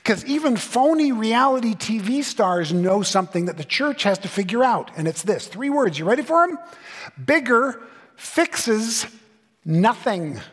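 A man's voice: high voice, animated, moderate pace, hardly any pauses, slightly rough. A middle-aged man preaching a conference sermon with punchy, comic asides and mock voices. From Southern California. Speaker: pastor. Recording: long hall reverb.

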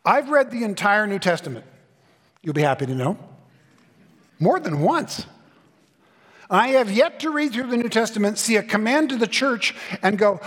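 A man's voice: sits high, very animated, normal speed, pauses often, fairly bright tone. A middle-aged man preaching a conference sermon with punchy, comic asides and mock voices. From Southern California. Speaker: pastor. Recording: long hall reverb.

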